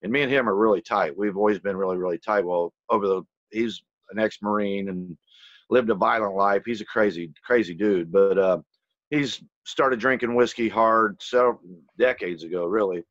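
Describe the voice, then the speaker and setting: A man's voice: on the low side, moderate pace, a bit bright, dry recording, dull audio. Rambling, profane man telling a story. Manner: rambling, loose and profane, full of "you know". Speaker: channel host telling a personal story. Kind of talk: casual conversational storytelling.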